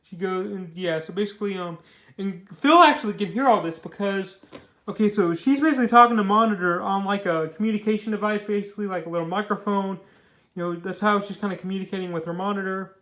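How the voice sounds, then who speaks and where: A young man's fairly high, fairly bright voice carries a rambling, loose comic book review full of filler words and frequent restarts. The room he's in rings with echo.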